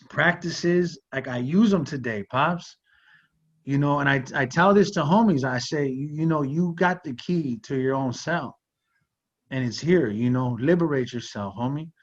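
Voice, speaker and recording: Earnest man telling a personal story. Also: medium pitch. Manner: earnest, with frequent "like" and "you know". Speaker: podcast host. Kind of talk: heartfelt conversational storytelling. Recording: slightly muffled audio.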